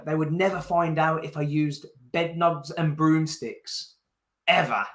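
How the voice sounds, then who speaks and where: A man co-hosting a podcast, telling a funny story in an animated, laughing way. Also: on the high side, unhurried, echoey room. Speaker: podcast co-host. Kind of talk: casual chat.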